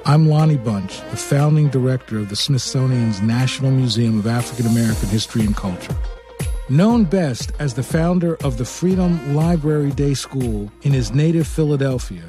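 A man giving a measured, formal scripted introduction to an oral history segment. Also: medium pitch, mellow. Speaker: museum director hosting. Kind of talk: scripted narration.

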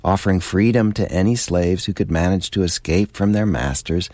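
A man hosting a radio history documentary, giving measured, scripted narration. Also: low-pitched, darkish tone, no room sound.

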